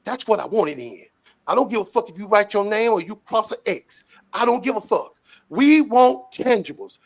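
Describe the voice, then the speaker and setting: Fiery, profane man with a gravelly voice. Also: sits high, animated, moderate pace. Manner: fiery, profane, shouting rants. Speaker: interviewee. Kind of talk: street interview rant.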